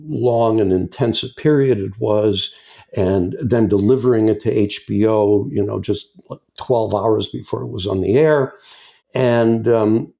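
Older man with a gravelly voice, storytelling. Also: medium pitch. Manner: unhurried, chuckling raconteur. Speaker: guest filmmaker and editor. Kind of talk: anecdotal storytelling in an interview. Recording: dull lo-fi sound.

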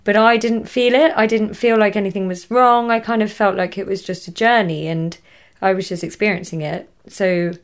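A woman's voice: mid-range voice, fairly even intonation, normal speed, hardly any pauses, clean tone. A young woman with an English accent, talking casually as a guest about a hard time in her life. She laughs often and trails off mid-thought. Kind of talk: casual conversation.

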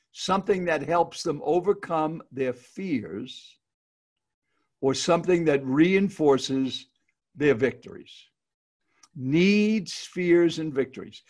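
A man giving casual, upbeat speaking advice on a video call, repeating his key points as he teaches. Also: on the high side. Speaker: speaking coach guest.

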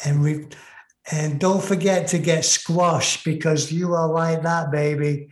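A man's voice: fairly high pitch, steady tone. A man from England, co-hosting a podcast, rambling enthusiastically through a casual sign-off and stretching out the words he stresses. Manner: rambling, enthusiastic, drawn-out emphasis. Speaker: podcast co-host. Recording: roomy echoey room.

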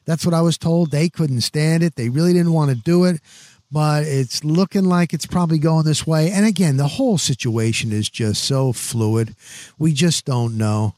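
A man in his sixties, a veteran sports reporter, telling stories on a podcast in an animated, rapid-fire way, full of "boom" and "blah, blah, blah". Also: no echo, clean studio sound. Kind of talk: casual podcast storytelling.

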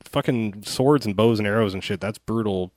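A man's voice: fairly low pitch, moderate pace, a little mellow. A man co-hosting a casual movie podcast, rambling and swearing freely. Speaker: podcast co-host.

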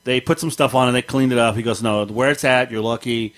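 A man's voice: mid-range voice, a little fast. A man telling a story in casual chat on a podcast, acting out the people in it with a raised voice. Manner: animated, acts out the people in his story with a raised voice.

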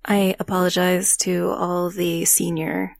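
A woman's voice: lowish voice, flat delivery, a little slow, vocal fry. A woman co-hosting a podcast, chiming in with brief, wry remarks in casual chat. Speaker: podcast co-host.

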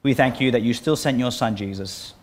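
A man preaching a sermon and leading a closing prayer, earnest, pausing and restarting his phrases. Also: medium pitch.

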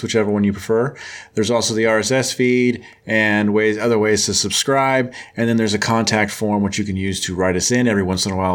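A man co-hosting a podcast in casual chat, laid-back and wry with dry asides. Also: on the low side. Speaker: podcast co-host.

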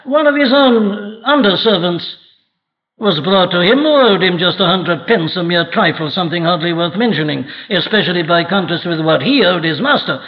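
A man's voice: high-pitched, lively intonation, moderate pace. A man preaching a sermon from Wales with an emphatic, dramatic delivery. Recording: echoey hall, dull archival audio.

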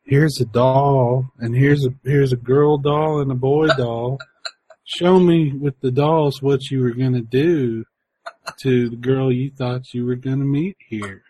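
A man voicing a calm, gentle male children's TV host, speaking softly and slowly. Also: mid-range voice, breathy edge, low-quality recording. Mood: gently probing.

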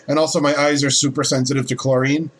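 A man's voice: mid-range voice, flat delivery, quick pace, breathy edge. A man co-hosting a podcast, chatting casually in a joking, playful way. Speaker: podcast co-host. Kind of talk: casual chat.

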